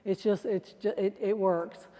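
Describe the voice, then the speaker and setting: A woman trainer talks through security procedures with a conversational, down-to-earth delivery. She sometimes acts out the phrases people might say. Her voice is dark and mellow, and it carries a long reverb from a large room. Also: medium pitch, fairly even intonation, unhurried. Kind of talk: training presentation.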